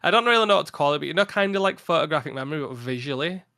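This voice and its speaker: A tired young man chatting casually on a podcast about his gaming channel, rambling with frequent laughs and a slightly flat delivery. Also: on the high side, very fast, no echo, studio quality. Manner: rambling, laughs often, a little flat from fatigue. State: tired after a long day. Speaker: podcast guest, content creator.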